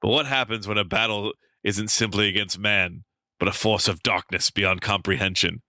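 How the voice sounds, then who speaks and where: A man's voice: lowish voice, steady tone, normal speed, bright, forceful tone, no room sound. A man doing an impression of a movie star reading a dramatic promo, in a grave, declaiming manner. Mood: dramatic intoning. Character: solemn movie-star narrator intoning a dramatic wrestling promo.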